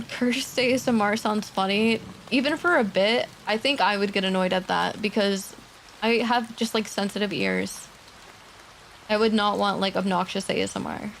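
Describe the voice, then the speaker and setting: A woman streamer chatting casually and quietly with her viewers at her desk mic, laughing often and swearing now and then. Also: medium pitch, lively intonation, moderate pace, gravelly, slight background noise. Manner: soft-spoken, talking quietly. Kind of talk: casual livestream chat. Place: home streaming setup.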